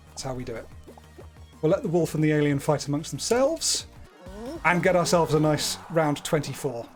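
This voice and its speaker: A man's voice: fairly high pitch, darkish tone. A man streaming live, talking through his gameplay in a chatty, playful way with wordy asides. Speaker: gaming streamer.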